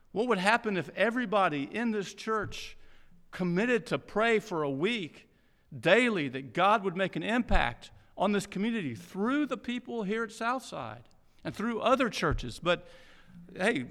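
A male pastor preaches a sermon, retelling stories with animated energy and frequent restarts. His voice is high and bright. The sound carries the long reverb of a church hall.

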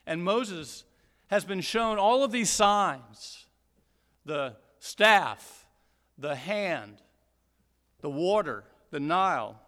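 Male Bible teacher from Georgia, slightly high, bright tone, unhurried delivery, long hall reverb. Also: expressive. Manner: explanatory, deliberate, emphatic repetition.

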